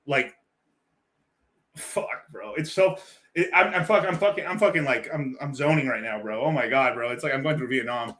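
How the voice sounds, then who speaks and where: A man's voice: medium pitch, moderate pace, fairly bright tone. A man hosting a stream, reacting to a clip in loose, rambling commentary, laughing often and swearing a lot. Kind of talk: casual profane reaction commentary.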